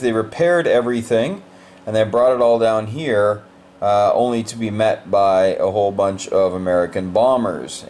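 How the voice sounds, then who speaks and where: Low-voiced man recapping a board game. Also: darkish tone, a little hiss or hum. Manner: loose, rambling explanation with many fillers.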